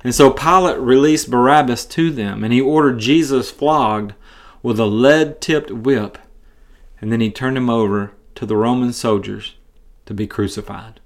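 Man, Bible study podcast host, mid pitch, conversational and earnest, frequent self-corrections. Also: unhurried. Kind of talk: casual Bible study teaching.

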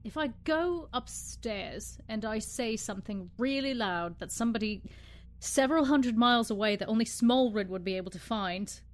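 A woman playing a tabletop game who talks in an eager, excitable and playful way. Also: a little high, normal speed. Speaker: player. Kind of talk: casual tabletop play.

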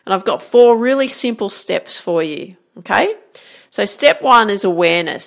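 A woman coaching her listeners through a motivational talk, with a gravelly fry running through her mid-pitched voice. She talks in an encouraging, conversational way, often checking in with a quick question. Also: fairly bright tone. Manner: encouraging, repeats "right?" and "guess what?". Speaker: golf and life coach.

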